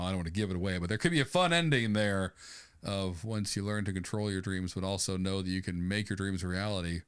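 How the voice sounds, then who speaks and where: A man's voice: deep voice, smooth, no echo, studio quality. A man co-hosting a podcast in casual chat, enthusiastic and laughing often. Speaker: podcast co-host.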